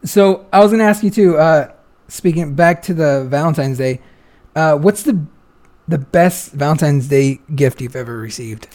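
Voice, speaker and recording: A young man hosting a podcast, telling a rambling story in a casual, animated way, full of "like" and "dude". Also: a little high, moderate pace. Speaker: podcast host.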